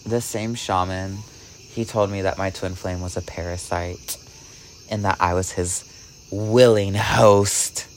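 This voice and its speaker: A man vlogging, telling a rambling story with "like" in almost every phrase and swinging between hushed and excited delivery. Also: low voice, slow pace, slight background noise. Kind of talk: casual storytelling vlog.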